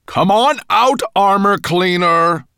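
A man reading an audiobook, voicing a grumpy, sulking male dwarf who whines and shouts his complaints. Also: mid-range voice, wildly swooping pitch, normal speed, creaky, dry recording, studio quality, voice pushed up, exaggerated voice. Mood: indignant shouting. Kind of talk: audiobook character voice.

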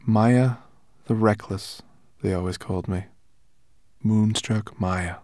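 A man reading an audiobook, voicing a wary, lonely female silver dragon with a hoarse voice. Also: fairly low pitch, steady tone, slow pace, a little mellow, no echo, studio quality. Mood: sad. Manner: uncertain, then earnest and pleading.

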